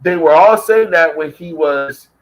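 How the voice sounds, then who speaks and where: A man's voice: on the high side, measured pace, low-quality recording. A man ranting heatedly in a casual vlog, swearing constantly and repeating himself for emphasis. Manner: heated, profane, repetitive. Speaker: vlogger. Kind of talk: profane rant.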